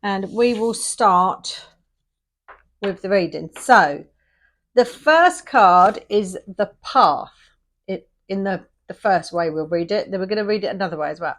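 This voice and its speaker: A woman's voice: medium pitch, unhurried, a bit bright. Chatty, rambling woman reading tarot. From England. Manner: chatty, rambling, loses her thread. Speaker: tarot reader. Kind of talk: casual tarot reading video.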